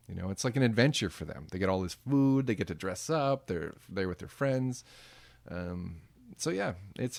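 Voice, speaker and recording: A man guest telling lively stories about his work as a background performer and acting out what people said. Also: fairly low pitch, creaky. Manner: animated, acts out quoted voices. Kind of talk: casual interview storytelling.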